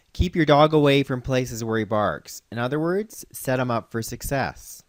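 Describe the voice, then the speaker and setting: A man working as a veterinarian host, explaining dog training in a calm, instructional way. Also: mid-range voice, normal speed, few pauses, a little hiss or hum. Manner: calm instructional, calling dogs loudly and praising them. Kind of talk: scripted narration with outdoor demonstration.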